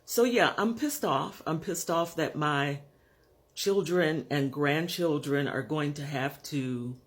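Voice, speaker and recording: A man in his fifties or sixties talks candidly to his own camera at home, in a slightly higher voice than most men. He speaks slowly and frankly, pausing often to search for the right words. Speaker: vlogger. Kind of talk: candid personal vlog monologue.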